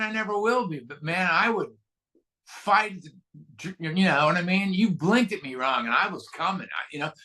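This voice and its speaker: A man's voice: sits high, sharp tone. A man from California sharing his recovery story at a meeting, candid and self-mocking, with many fillers and restarts. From California, USA. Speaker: guest speaker at a recovery meeting. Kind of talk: personal recovery share.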